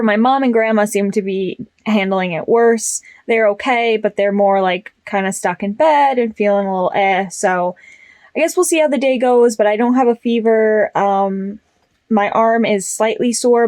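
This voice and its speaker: A woman's voice: medium pitch, normal speed, a little mellow, no echo. Young woman vlogging frankly, dry close sound. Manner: frank and chatty, with frequent fillers. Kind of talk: candid personal vlog.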